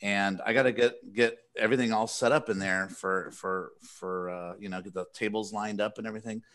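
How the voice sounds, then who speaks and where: A man's voice: lowish voice, steady tone, a little fast, a bit bright. A man from California hosting a podcast, telling a story in a rambling, self-deprecating way and laughing often. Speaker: podcast host. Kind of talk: casual storytelling among friends.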